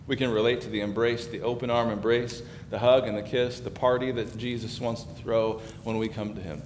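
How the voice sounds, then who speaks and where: A pastor delivers his sermon briskly and flatly, talking conversationally as his emphasis builds. The hall is echoey, with faint rumble behind him.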